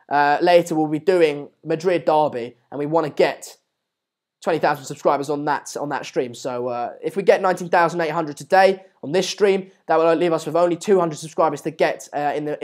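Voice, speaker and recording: A man's voice: fairly high pitch, fairly even intonation, brisk. A man talks through a live match watchalong in a loose, rambling way. His talk is full of fillers and restarts. He keeps calling on viewers to subscribe between comments on the play. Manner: repeatedly urges viewers to subscribe. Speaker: live-stream host.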